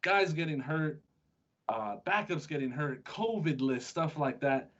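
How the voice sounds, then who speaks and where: A man's voice: fairly high pitch, expressive, measured pace, fairly bright tone. A man hosting a sports podcast, chatting casually and joking with his co-host, often restarting his sentences. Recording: dull lo-fi sound.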